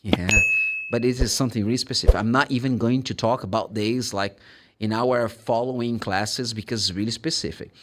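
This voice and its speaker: A man with a Brazilian Portuguese accent teaching English pronunciation, explaining and demonstrating sounds in an animated way. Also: mid-range voice, fairly quick, a little hiss or hum. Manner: animated, demonstrates sounds and acts out students' questions. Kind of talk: pronunciation lesson.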